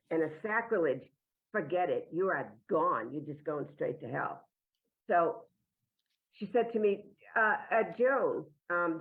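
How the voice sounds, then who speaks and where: A woman's voice: low voice, vocal fry. A woman telling a meandering, self-deprecating personal story to a live audience. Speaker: improv performer telling a story. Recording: tinny, phone-like sound.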